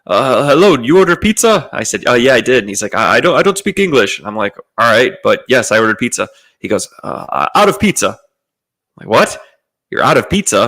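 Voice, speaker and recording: A man's voice: on the low side, a bit bright, low-quality recording. A young adult man from the United States telling a rambling, profane travel story in a laid-back way. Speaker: podcast host. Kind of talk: casual storytelling monologue.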